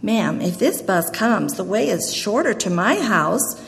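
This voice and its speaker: A woman's voice: medium pitch, big pitch swings, unhurried, gravelly. A woman voicing a polite, formal male pastor. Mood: courteous. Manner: formal, courteous. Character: polite courteous male pastor, middle-aged. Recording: long hall reverb.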